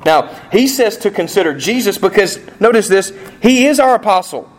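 Animated male preacher, fairly high voice. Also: normal speed. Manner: animated preaching, rising emphasis and rhetorical questions. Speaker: pastor. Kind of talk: sermon.

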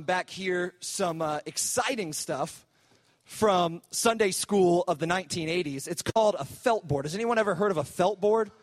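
A man preaching to teenagers as a youth pastor, animated and conversational. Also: high voice, big-room sound. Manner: animated, conversational preaching with mock-whiny asides. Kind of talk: sermon to teenagers.

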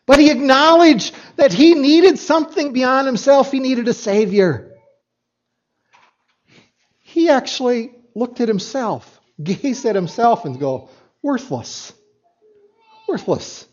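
A man's voice: extremely high pitch, animated, a little slow. A man preaching a sermon as pastor, reading scripture and making emphatic points with repeats and asides to the congregation. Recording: dull lo-fi recording.

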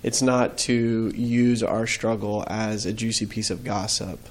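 A man's voice: on the low side, fairly even intonation, measured pace. A man, a guest on an interview show, telling his faith story in an earnest, reflective way.

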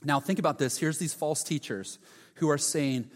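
A male pastor preaching a sermon, retelling stories dramatically and swinging from hushed tones to loud ones. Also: fairly high pitch, moderate pace, long reverb tail.

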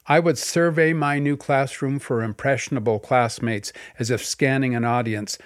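An older man narrates his memoir with dry, self-mocking humor. His voice sits at an ordinary middle pitch. The recording is close and dry, with no room sound around it. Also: normal speed, no room sound. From Canada. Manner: wry, dryly humorous storytelling.

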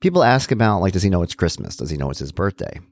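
A man's voice: sits low, big pitch swings, quick pace, no echo, studio quality. A man hosting a solo talk, reflecting conversationally with many asides and restarts. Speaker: podcast host, parent.

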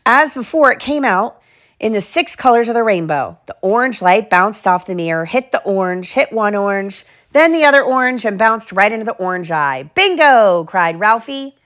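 A mother reading a children's picture book aloud at home, slow and clear, with little side remarks to her kids. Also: mid-range voice, lively intonation, a bit bright.

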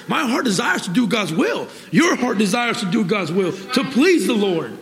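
A man preaching a sermon, exuberant, bursting into laughter and praise, then reading scripture slowly and deliberately. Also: high voice, sing-song, fairly bright tone, faint music behind. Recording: long hall reverb.

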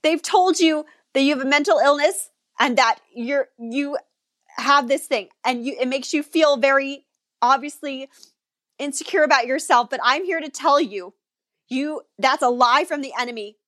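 A woman with a high voice preaches and prays with fervent, repeated declarations. Her voice is close and dry, with no room sound at all. She speaks words of release and blessing straight to the listener. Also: normal speed, fairly bright tone, no room sound. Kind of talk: prayer and prophetic preaching.

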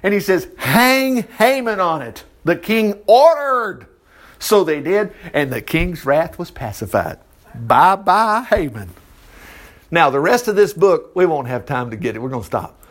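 A man preaching a sermon, reading scripture aloud and retelling it with animated asides. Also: on the high side, moderate pace, few pauses. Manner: animated storytelling with asides and laughter. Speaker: pastor.

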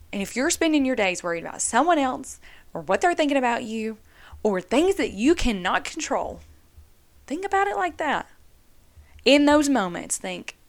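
Chatty woman podcasting solo. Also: fairly high pitch. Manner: earnest, chatty, addresses listeners as y'all. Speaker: podcast host. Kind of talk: casual solo podcast talk.

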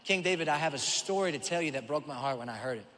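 A man's voice: fairly high pitch, expressive, quick pace, a bit bright, in a large hall. A man voicing a grave, truthful male prophet who speaks in a solemn, direct way.

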